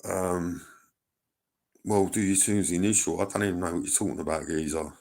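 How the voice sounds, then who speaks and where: Deep-voiced sweary man. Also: fairly even intonation, moderate pace, creaky, darkish tone. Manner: rambling, swearing, reads chat aloud. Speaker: livestreamer. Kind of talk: casual livestream chat.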